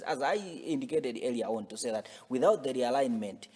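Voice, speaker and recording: A man's voice: medium pitch, fairly quick, hardly any pauses, a little mellow, slightly rough, big-room sound. A man, a business editor explaining the economy in an interview, often repeating words as he searches for them. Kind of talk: studio interview analysis.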